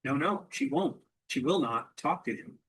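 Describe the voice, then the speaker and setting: A man leads an English lesson as a steady question-and-answer drill. His voice is breathy and a little husky. He asks a simple question, then repeats the answer back clearly. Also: mid-range voice, moderate pace, low-quality recording. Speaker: English teacher.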